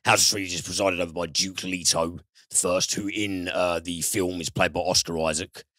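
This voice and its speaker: A man's voice: deep voice, little pitch movement, moderate pace, bright, forceful tone, dry recording, clean studio sound. A British man reviewing films on a podcast in casual chat, enthusiastic and swearing freely. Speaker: film reviewer.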